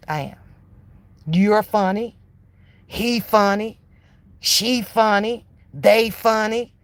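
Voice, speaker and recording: A woman in a heated reaction rant, cursing freely and mocking her target. She drags out the words she wants to land and jabs the rest in scornful bursts. Her voice sits at a middling pitch for a woman. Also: no echo. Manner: profane, mocking, heated and emphatic; drawls key phrases slowly for emphasis. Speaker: online commentator. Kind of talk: ranting reaction commentary.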